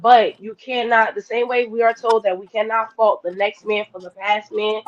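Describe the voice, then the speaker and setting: A woman's voice: mid-range voice, flat delivery, moderate pace. A woman on a podcast panel, talking bluntly and emphatically in casual discussion. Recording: dull lo-fi podcast audio.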